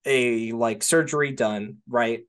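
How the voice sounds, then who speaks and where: A man's voice: mid-range voice, takes it slowly. Rambling man in casual podcast chat. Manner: rambling, peppers speech with "like" and "right?"; swears casually. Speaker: podcast co-host. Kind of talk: casual film discussion.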